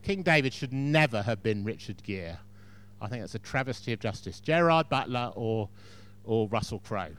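Chatty preacher with a smooth voice. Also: male voice, medium pitch, expressive, moderate pace, a bit bright. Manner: chatty storyteller, asides to congregation. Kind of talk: sermon.

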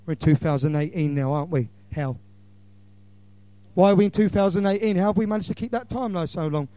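Impassioned male preacher, mellow voice. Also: high voice, fast talker. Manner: impassioned, swings between loud and hushed. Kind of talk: evangelistic sermon.

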